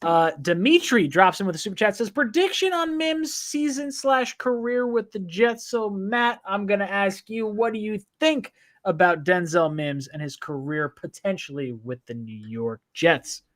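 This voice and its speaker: A man's voice: high voice, expressive, moderate pace, hardly any pauses, fairly bright tone. A man hosting a casual live stream from home, joking and reading viewer comments aloud. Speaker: podcast host reading chat. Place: at home, downstairs. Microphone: phone.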